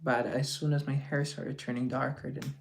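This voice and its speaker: A man hosting a casual show, reacting quickly and chattily to viewer comments. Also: mid-range voice, flat delivery, gravelly. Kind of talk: casual live chat.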